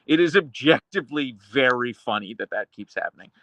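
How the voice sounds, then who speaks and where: A man hosting a live stream, reading chat aloud and answering with dark, deadpan humor and frequent laughs. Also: mid-range voice, fairly quick, no room sound. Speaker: livestream host reading chat.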